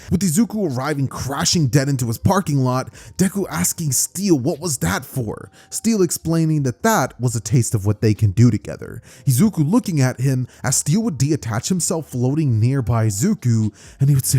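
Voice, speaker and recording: A man's voice: medium pitch, dark tone, breathy edge. A man narrating a fan-made story in a loose, conversational way with casual fillers. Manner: conversational, loose fillers like "kinda" and "pretty much".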